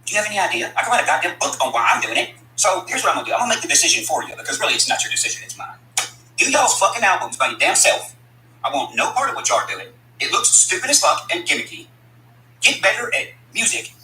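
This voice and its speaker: A man's voice: high voice, bright, forceful tone, echoey room, slight background noise, low-quality recording. A man delivering a blunt, profane, combative rant at his critics, speaking as a country rapper. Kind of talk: angry profane rant to camera.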